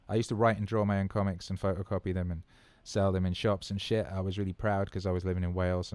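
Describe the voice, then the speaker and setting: With a fairly low, slightly mellow voice and no echo, a man in his thirties hosts a casual livestream Q&A. He goes off on enthusiastic tangents, swears openly, and repeats words to drive points home.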